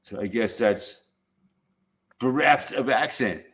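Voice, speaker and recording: A man's voice: mid-range voice, takes it slowly, a bit bright. A man from Southern California hosting his own YouTube channel, chatting casually in a blunt way, swearing freely and laughing often. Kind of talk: casual chat.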